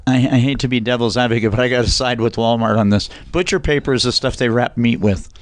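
A man from Southern California hosting a casual group chat, joking and telling animated stories. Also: mid-range voice, fast talker, no echo.

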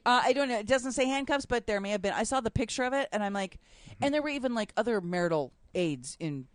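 A woman tells odd news stories on a casual talk show, chatty and quick to laugh. She stresses her punchlines. The recording is dry and close. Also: on the high side, lively intonation, dry recording. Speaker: podcast co-host reading news stories. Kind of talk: casual chat.

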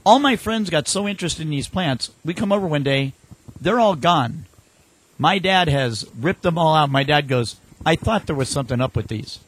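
A man telling animated anecdotes in casual chat, acting out the voices of people in his stories. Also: a little high, moderate pace. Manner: animated anecdotes with acted-out quotes.

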